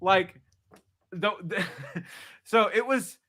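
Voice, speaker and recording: Man, bright tense tone, lively anecdotal storyteller, casual chat. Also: high voice, drawn-out words. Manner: animated storyteller, acts out quotes.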